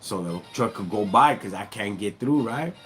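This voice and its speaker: A man's voice: fairly low pitch, animated, normal speed, fairly bright tone, faint music behind. A middle-aged man from Southern California with a Chicano English accent, hosting a casual livestream and talking slangy street talk, calling his viewers dog and homie. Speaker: livestream host.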